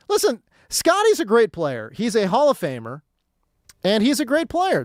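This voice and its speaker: A man's voice: extremely high pitch, wildly swooping pitch, normal speed, dry recording, studio quality. A man hosting a sports talk radio stream, slangy and incredulous.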